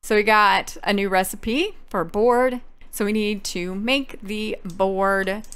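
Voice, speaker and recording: A woman's voice: mid-range voice, steady tone, slow pace, a bit bright, smooth. A woman hosting a game playthrough, chatting through each step as she plays. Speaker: gaming channel host. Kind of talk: let's play commentary.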